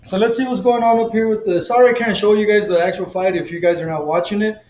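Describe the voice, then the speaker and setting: A man's voice: high voice, steady tone, quick pace, darkish tone, echoey room, poor audio. A man casually chatting on a live stream, telling loose, profane stories with lots of laughs and fillers. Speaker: boxing coach live-streaming a fight commentary.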